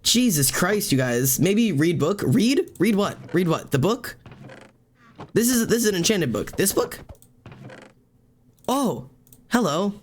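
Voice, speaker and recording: A man's voice: high voice, big pitch swings, slow pace, pauses often. A young man streaming a game, exclaiming often and talking in an emotional, tearful, laughing way.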